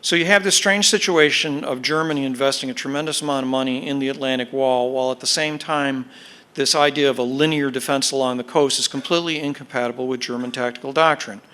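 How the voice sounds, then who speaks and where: A man with a bright, forward voice lectures on military history to an audience. He explains in a measured, deliberate way, leaning on key words and dropping the odd filler as he goes. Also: medium pitch, steady tone, clean tone. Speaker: guest speaker, military historian. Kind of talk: podcast lecture.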